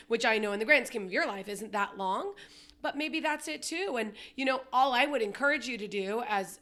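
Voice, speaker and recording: A woman on a podcast speaking as a supportive friend, giving calm, reassuring encouragement. Her voice is of ordinary pitch and she talks in a relaxed, conversational way. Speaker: podcast co-host. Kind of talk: casual chat.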